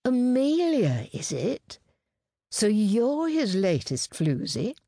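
A woman reading an audiobook, voicing a brassy, husky woman who speaks low, slow and knowing with quiet menace. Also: sing-song, no echo, studio quality. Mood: sultry menace. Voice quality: husky, sensuous.

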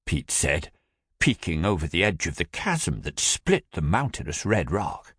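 A man with a low, husky voice narrating an audiobook, rising and falling a great deal as he tells it. The sound is close and dry. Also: big pitch swings, unhurried, a bit bright, no echo.

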